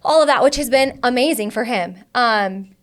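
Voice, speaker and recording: A young woman and relationship coach, telling a candid personal story with lots of "like" fillers. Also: on the high side. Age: young adult. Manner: rapid, filler-heavy with frequent "like".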